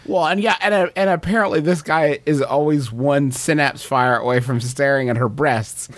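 A man's voice: a little high, normal speed, no room sound. A man co-hosting a comedy podcast, riffing with playful disbelief. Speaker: podcast co-host. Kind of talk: comedic casual chat.

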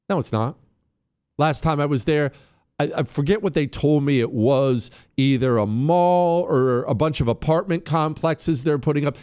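A man's voice: fairly high pitch, a little mellow. A man hosting a talk radio show, delivering an opinionated monologue in a conversational way, with asides to his studio crew.

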